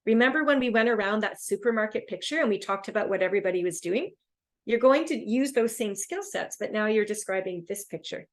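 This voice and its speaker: A woman with a Canadian accent teaching a test-prep webinar, speaking with lively, rising and falling intonation. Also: mid-range voice, brisk. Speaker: English test instructor.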